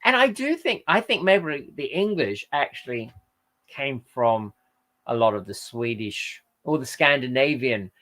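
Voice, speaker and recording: A man's voice: medium pitch, expressive, measured pace, fairly bright tone. A tired man hosting a casual livestream, reading out viewer comments and rambling with lots of hesitations. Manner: rambling, hesitant, with frequent fillers and self-corrections. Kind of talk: casual chat.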